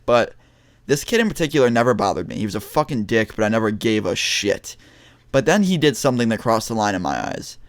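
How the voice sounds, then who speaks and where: A man's voice: lowish voice, expressive, brisk, dry recording. A young man vlogging, telling a story to his viewers in a blunt, casual way with lots of swearing and restarts.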